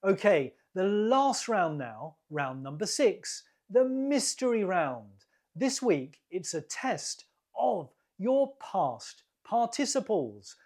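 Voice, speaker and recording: A British woman hosting an English quiz, slowly and deliberately repeating each word for learners. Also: medium pitch, sing-song, darkish tone. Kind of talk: slow, clear quiz teaching.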